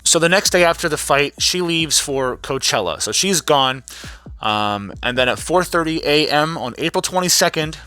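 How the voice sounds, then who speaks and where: A man recapping a trial in a casual vlog, telling the story in a profane, animated way and acting out quotes in other voices. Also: fairly high pitch, normal speed, clear, resonant tone.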